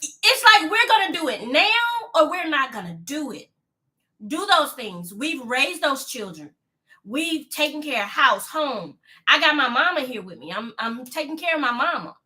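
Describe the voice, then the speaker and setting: A woman in her fifties chatting casually on a live stream, emphatic and repetitive, slowing down to stress her key points and greeting viewers mid-thought. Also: high-pitched, big pitch swings, sharp tone. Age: 50s. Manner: slows down to stress key lines. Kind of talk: casual chat to a live audience.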